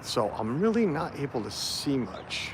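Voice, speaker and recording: Here a man hosts a phone livestream as he strolls through a festival site outdoors, talking casually and rambling with many fillers, the phone camera held while he walks. His mid-range voice is sing-song and unhurried against a noisy background.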